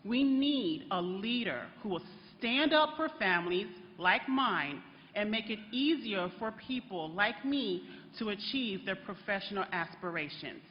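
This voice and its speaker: At a political rally in a large, reverberant hall, a woman with an animated, mid-range voice reads a prepared introduction for the candidate at a measured pace. She speaks earnestly and chokes up with emotion, heard through dull PA sound with the crowd behind her.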